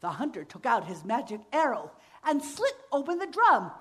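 A woman's voice: high voice, wildly swooping pitch, moderate pace, a bit bright, slight background noise. A woman telling a folktale to families, full of sound effects and playful asides. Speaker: storyteller. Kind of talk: lively oral storytelling for families.

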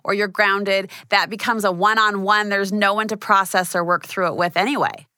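A woman's voice: medium pitch, steady tone, moderate pace, bright, forceful tone, no echo, clean studio sound. A woman hosting an interview, affirming her guest and asking follow-up questions with self-deprecating asides. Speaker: interview host. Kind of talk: conversational interview.

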